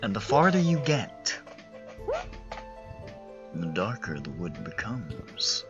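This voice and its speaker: A man narrating a tabletop game as game master over voice chat, halting and searching for words as he describes the scene. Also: fairly low pitch, big pitch swings, highs cut off, over music.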